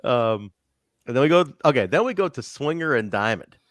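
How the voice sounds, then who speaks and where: A man co-hosting a loose wrestling review podcast, swearing freely and acting out what people said. His pitch swings widely as he talks. The sound is dry and close. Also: moderate pace, dry recording. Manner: animated, swears freely, acts out quotes. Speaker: podcast co-host. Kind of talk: casual chat, wrestling show review.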